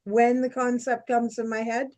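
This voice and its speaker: A woman, co-hosting a casual chat and telling stories in a chatty, animated way. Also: fairly high pitch, moderate pace. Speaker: podcast co-host.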